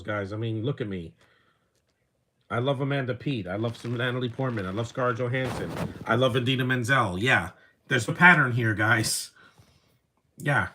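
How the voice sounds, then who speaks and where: A man's voice: mid-range voice, bright, forceful tone. A man giving casual live commentary over a movie, rambling from one opinionated aside to the next.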